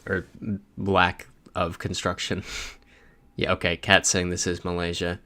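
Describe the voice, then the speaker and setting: In a low, monotone voice with a sharp tone, this man speaks without hurry. He hosts a relaxed livestream, chatting and reading messages from chat aloud while he plays.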